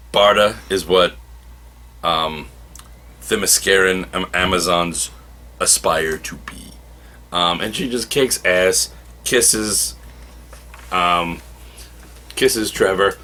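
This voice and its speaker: A man reviewing comic books in a casual, animated way, now and then acting out characters' lines. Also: lowish voice, measured pace, pauses often.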